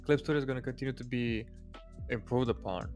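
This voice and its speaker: A man's voice: mid-range voice, fast talker, darkish tone. A man in a casual call-in chat gives blunt, opinionated takes and swears without a second thought. His voice sits mid-range, with faint music behind it. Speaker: guest on call.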